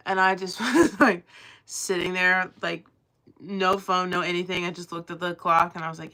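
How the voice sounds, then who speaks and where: A woman's voice: on the low side, fairly even intonation, normal speed, bright, forceful tone. A young woman with a Southern accent, chatting casually on a livestream in a rambling, playful drawl. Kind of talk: casual chat with live chat.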